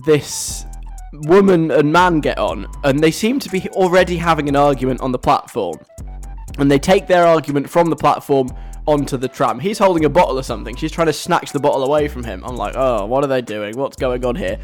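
A radio host in casual, animated chat, telling a story and acting out the voices of people overheard. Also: medium pitch, fairly quick, soft background music. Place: radio studio.

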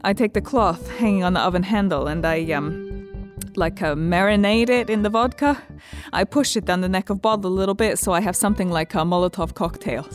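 An actress playing a blunt, matter-of-fact young Estonian immigrant woman in a radio drama, speaking halting, broken English with an Estonian accent and searching fillers. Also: medium pitch, faint music behind, close to an everyday voice.

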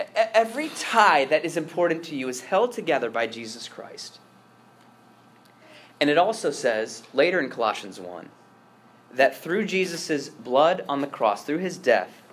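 A priest preaching a sermon, earnest and emphatic, repeating words as he restarts and swinging from strong stresses to hushed asides. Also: medium pitch, slight background noise.

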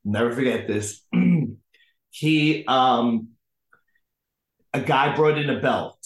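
A man, a guest on a podcast, tells a long personal story in casual chat and acts out the voices of the people in it. His voice sits at a middle pitch. The room around him is roomy and echoey. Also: slow. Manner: animated storyteller acting out the people in his stories.

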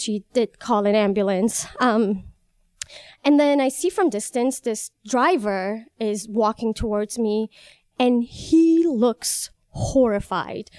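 High, clear-voiced young woman telling a story. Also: no echo. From Iran. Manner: vivid, animated, laughs through her story. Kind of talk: first-person storytelling.

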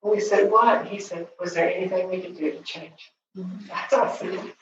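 A woman in her forties giving a personal faith testimony as a grieving mother, earnest and tender, pausing often with fillers. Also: on the low side, fairly even intonation, noisy background. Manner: halting, with frequent pauses and fillers. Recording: very echoey, distant, dull recording.

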